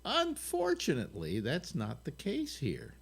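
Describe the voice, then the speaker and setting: An older man in his eighties talks over a video call with a lively, swooping pitch that rises and falls a lot. He rambles and restarts often while explaining things at length, in the manner of a chatty host. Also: a little slow, creaky, husky. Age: 80s. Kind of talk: casual video call chat.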